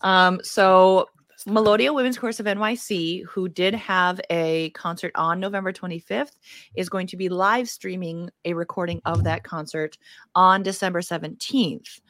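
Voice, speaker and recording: Lower-pitched woman, dry close sound; casual, filler-heavy announcement read. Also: fairly even intonation, moderate pace, a bit bright, dry recording. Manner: chatty, full of fillers, careful with details. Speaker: player and choir member.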